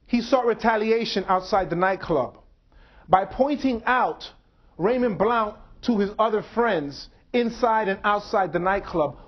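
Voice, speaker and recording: A man with a fairly high voice gives a slow, deliberate public talk at a university. The recording sounds dull and lo-fi. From United States. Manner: slow, measured, deliberate delivery. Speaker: speaker. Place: university lecture hall.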